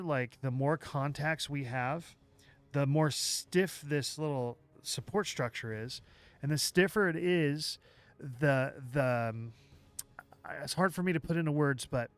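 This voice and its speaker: A man hosting a livestream, walking through software live while thinking aloud, with halting restarts, and chatting with viewers as he works. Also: fairly high pitch, no echo. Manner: chats with viewers while working. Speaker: livestream host.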